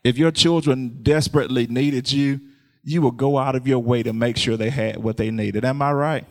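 A man preaching a sermon in a call-and-response style, laughing often and calling out hallelujahs as his voice climbs higher and louder. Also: steady tone, normal speed.

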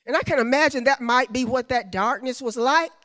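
A woman preacher with a high, bright, smooth voice. She leads her congregation in call-and-response and has them repeat her words. Her loud, stretched-out exclamations give way to fast, hushed asides. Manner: swings from loud, drawn-out exclamations to quiet, quick asides. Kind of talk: sermon.

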